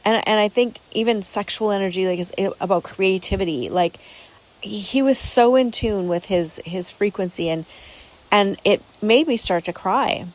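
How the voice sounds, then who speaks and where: A woman's voice: mid-range voice, moderate pace, low-quality recording. A woman hosting a podcast, telling a personal story casually in an earnest, rambling way, with many repeated words and restarts. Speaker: podcast host.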